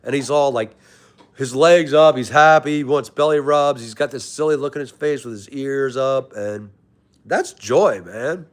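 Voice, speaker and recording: A man's voice: mid-range voice, measured pace. A young man hosting a live stream, casually greeting chatters by name and calling them brother. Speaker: livestream host reading chat.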